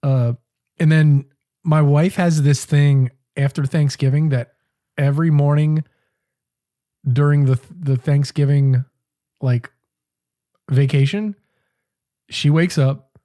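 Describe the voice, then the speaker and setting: A man's voice: a little high, slow pace, pauses often. A man co-hosting a cooking school podcast, telling a story in casual chat, swearing freely and acting out what he said at the time. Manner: profane, animated storytelling, quoting himself.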